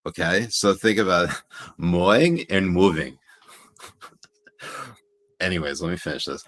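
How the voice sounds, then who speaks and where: Man with a very low voice, jokey co-host reading out audience comments. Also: measured pace, pauses often, a bit bright. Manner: jokey, laughs while reading viewer comments aloud. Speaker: co-host reading viewer chat. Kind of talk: casual livestream chat.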